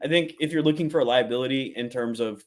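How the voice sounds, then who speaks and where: A man's voice: medium pitch, fast. A man co-hosting a sports podcast, chatting casually and animatedly, laughing often and giving blunt opinions. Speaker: podcast co-host.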